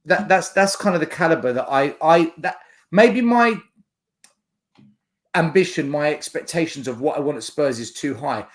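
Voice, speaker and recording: A man's voice: fairly high pitch, expressive, normal speed. Stammering man debating football. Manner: stammers at the start of his points, earnest. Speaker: guest pundit.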